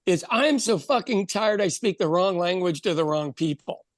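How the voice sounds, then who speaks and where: A man's voice: sits high, animated, no echo, clean studio sound. A middle-aged man co-hosting a podcast, telling profane comedic stories in casual chat. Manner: storytelling comedian, profane, quick asides. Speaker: podcast co-host.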